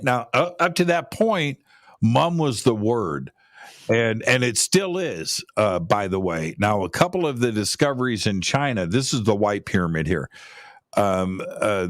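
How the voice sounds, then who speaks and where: A man's voice: lowish voice, dry recording, clean studio sound. A man talking casually about pyramids as a guest, rambling, repeating words and restarting his sentences. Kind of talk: casual conversational talk.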